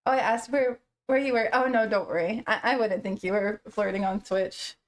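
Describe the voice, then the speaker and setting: With a mid-range voice at normal speed, a young woman streaming live chats casually with her audience, reads chat aloud, and laughs her way through a story.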